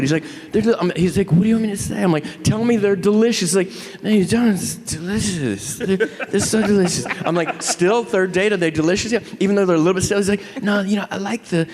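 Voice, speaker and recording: A middle-aged man telling a story on a convention stage, animated and profane, acting out both sides of the exchange. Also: sits high. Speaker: convention panel guest. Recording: hall reverb from a convention stage.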